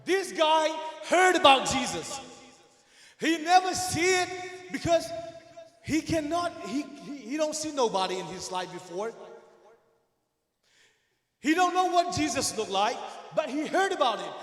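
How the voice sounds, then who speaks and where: A man teaching children a Bible story, animated and often shouting, asking them questions along the way. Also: very high-pitched, measured pace, long pauses. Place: church hall. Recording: echoey hall with long reverb.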